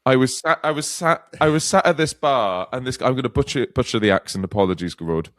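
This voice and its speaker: Male podcast co-host, chatty storyteller, animated pitch, dry close sound. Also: quick pace, no room sound. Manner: rambling storyteller, laughs often. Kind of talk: casual comedic chat.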